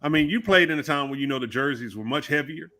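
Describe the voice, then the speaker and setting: A man with a bright, forceful voice holds forth in a casual basketball podcast chat. He argues his point at length and insistently, with a fairly high pitch. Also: expressive, fast talker. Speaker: podcast co-host.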